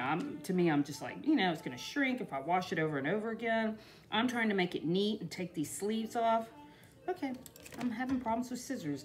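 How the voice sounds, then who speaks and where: A chatty woman with a lively pitch hosts a craft vlog, giving a casual DIY tutorial. She rambles, laughs a lot, and often says "you know."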